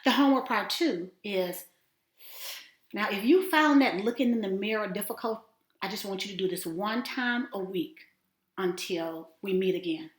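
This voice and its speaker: A woman teaching a self-affirmation lesson in an encouraging, animated way, at times dropping to a near-whisper. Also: mid-range voice, moderate pace. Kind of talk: casual spoken lesson. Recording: roomy echo.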